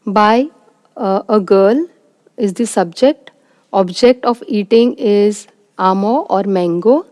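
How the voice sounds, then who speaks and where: A woman's voice: mid-range voice, slow pace, darkish tone, dry recording. A woman lecturer, giving a recorded lecture and explaining each point step by step with examples. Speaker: university lecturer.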